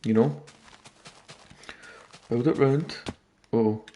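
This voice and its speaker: A man's voice: medium pitch, steady tone, slow pace, mellow. Man, gaming commentary, casual, jokey, rambling, late-night chat. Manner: rambling, jokey, talking to viewers. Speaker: gaming YouTuber.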